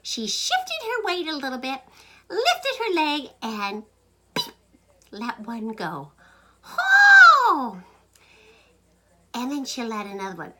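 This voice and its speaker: A woman telling a funny story to camera in an animated, playful way, sometimes dropping into whispers. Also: sits high, moderate pace, background noise. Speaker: joke teller, host.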